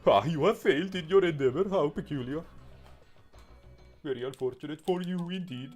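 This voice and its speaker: A man's voice: on the high side, a little mellow, soft background music, pitched above the performer's own voice, lightly acted. A man putting on a haughty villain. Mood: gloating. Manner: haughty, drawn-out taunting. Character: pompous villain guarding flags, male.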